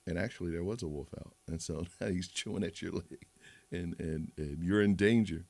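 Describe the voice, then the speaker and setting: Deep gravelly man talking to viewers. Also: moderate pace, a little mellow. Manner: rambling, frequent restarts, moralizing. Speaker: livestream host. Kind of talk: casual livestream monologue.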